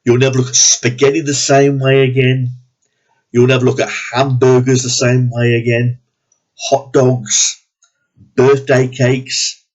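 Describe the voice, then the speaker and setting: A man's voice: medium pitch, little pitch movement, measured pace, darkish tone. A man ranting bluntly and profanely in a movie review, sounding disgusted and exasperated. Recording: dull lo-fi recording.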